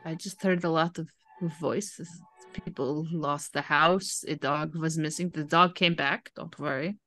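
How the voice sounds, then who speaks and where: A woman player talks through a tabletop role-playing game in a lowish voice. She is thoughtful and low-key, often musing aloud. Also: steady tone, unhurried, bright, forceful tone, faint music behind. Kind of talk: casual tabletop game play.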